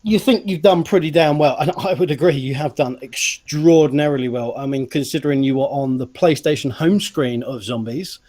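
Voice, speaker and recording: A man's voice: on the high side, moderate pace, hardly any pauses, a little mellow. Jokey man interviewer with a sore throat. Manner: jokey, teasing, laughs often. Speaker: host, interviewer. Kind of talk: casual livestream interview.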